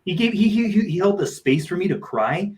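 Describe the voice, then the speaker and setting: A man's voice: high voice, expressive, brisk, darkish tone, rough recording. A man, a motivational speaker and coach, telling personal stories on a live talk show in a heartfelt, earnest way and repeating phrases for emphasis.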